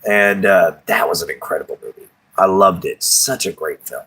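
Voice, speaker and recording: Husky man chatting with viewers. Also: sits low, moderate pace, pushed and bright, low-quality recording. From Texas. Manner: rambling, folksy, chuckles often. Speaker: livestream host. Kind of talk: casual chat with live viewers.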